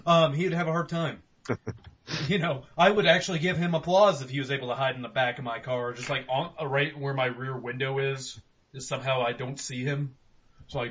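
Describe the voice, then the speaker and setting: A man's voice: medium pitch, fairly even intonation, fairly quick, lo-fi sound. A man co-hosting a casual horror podcast, joking around and acting out silly voices. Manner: jokey, acts out silly shouted voices. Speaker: podcast co-host.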